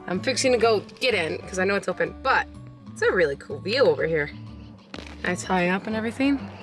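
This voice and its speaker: A woman talking casually to camera as a travel vlogger, chatty and easily excited, thinking out loud as she goes. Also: medium pitch, a little fast, faint music behind. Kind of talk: casual vlog chat to camera.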